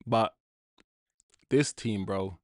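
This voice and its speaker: A man's voice: fairly low pitch, extremely slow, dry recording, studio quality. A man hosting a live football watch-along, ranting in exasperation, swearing and repeating himself as he vents. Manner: repeats himself while venting.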